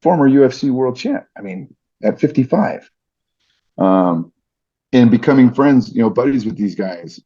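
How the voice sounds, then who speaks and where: A man's voice: mid-range voice, lively intonation, normal speed, dark tone, breathy edge. A middle-aged man, a podcast guest, telling stories earnestly and reflectively with many restarts. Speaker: podcast guest, fight announcer. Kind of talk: casual interview storytelling. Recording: dull lo-fi podcast audio.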